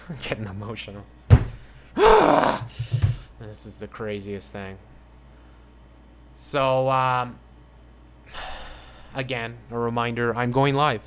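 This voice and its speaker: A man's voice: medium pitch, a bit bright, slight background noise. A man hosting his own channel, reading news headlines aloud and ranting about them with indignant, sarcastic asides. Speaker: channel host.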